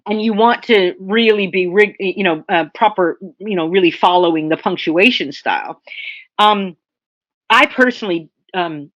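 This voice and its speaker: A woman's voice: medium pitch, normal speed, fairly bright tone, no echo. A woman lecturer giving an academic seminar talk in a conversational way, often checking in with her listeners. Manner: conversational, checks in with "okay?" and "right?". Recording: dry, dull lo-fi lecture audio.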